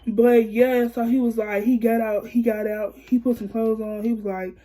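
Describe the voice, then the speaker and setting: A woman's voice: a little high, level tone, normal speed, mellow. Heated woman telling a storytime. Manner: heated, profane retelling with quoted back-and-forth. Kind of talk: casual storytime vlog.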